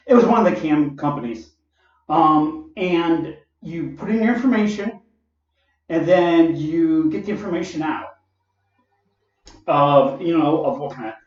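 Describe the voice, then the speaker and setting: A man casually telling a personal story in a rambling way, full of fillers and asides. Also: on the high side. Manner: rambling and digressive, with many fillers and laughs. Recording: roomy, distant and dull.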